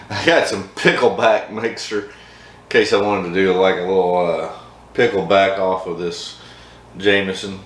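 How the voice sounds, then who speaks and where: A chatty man hosts a casual whiskey tasting, upbeat and quick to laugh. His voice sits fairly low, and the room around him rings with echo over a faint steady hum. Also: far from the mic. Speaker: host of a whiskey review channel.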